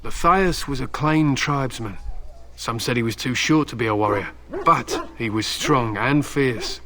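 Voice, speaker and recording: A man's voice: mid-range voice, close to an everyday voice. An actor voicing a stern, proud male warrior and hound handler in video game dialogue, telling old tales solemnly and threatening bluntly.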